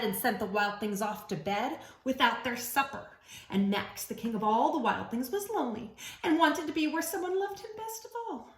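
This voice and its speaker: A woman reading picture books aloud to young children in an animated, sing-song way, chatting with her listeners between pages. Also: fairly high pitch. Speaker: children's story reader. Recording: roomy echo.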